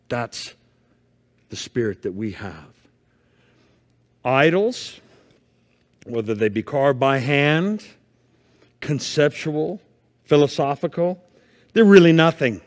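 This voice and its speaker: A man preaching a fervent sermon as pastor, swinging from hushed asides to loud calls. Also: medium pitch, big-room sound. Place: church sanctuary.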